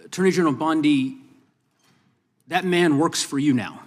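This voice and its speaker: A man with a slightly raised voice pushes a witness hard, keeping his questions pointed and steady. He speaks into a desk mic, and the long reverb of a big hearing room hangs on his words. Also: a little high, normal speed, slight background noise. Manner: firm, pressing, reclaims time, talks over interruptions.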